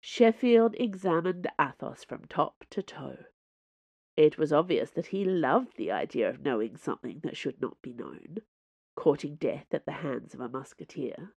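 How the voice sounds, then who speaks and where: Low-voiced woman reading a novel. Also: animated, a little slow, creaky, a little mellow, slightly rough, dry recording. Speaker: audiobook narrator. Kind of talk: scripted narration.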